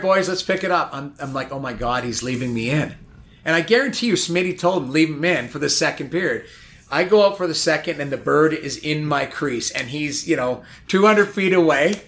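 A man telling a long anecdote in a casual chat, animated and rambling, full of "like". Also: on the high side. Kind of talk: casual storytelling.

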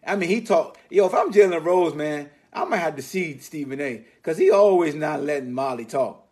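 A man hosting a sports podcast, riffing in an animated, slangy, mocking way. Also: fairly high pitch, moderate pace. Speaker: podcast host. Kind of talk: casual sports commentary monologue.

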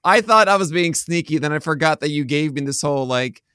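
A man co-hosting a casual podcast, joking around and trailing off quietly at the ends of his thoughts. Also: on the high side, fairly quick, smooth, no echo, studio quality. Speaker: podcast co-host.

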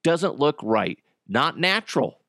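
A male podcast host rambles through crude, jokey stories with a lively, swinging delivery. He laughs often and acts out other people's voices. His voice sounds dry and close. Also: a little high, slow, no room sound. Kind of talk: casual comedic monologue.

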